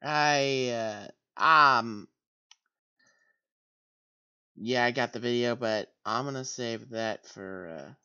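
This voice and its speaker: A man co-hosting a stream speaks slowly and lazily, stretching his reactions out. His mic sounds dull and lo-fi. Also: mid-range voice, pushed and bright, smooth. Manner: slow, drawn-out reactions. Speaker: co-host of the stream. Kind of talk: casual chat.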